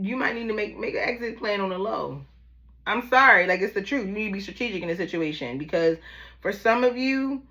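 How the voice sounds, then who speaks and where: A Baltimore woman doing a tarot reading talks to her viewers like old friends, relaxed and chatty, dropping "y'all" and "baby" as she goes. She has a Baltimore accent and a mid-range voice with a fairly bright tone.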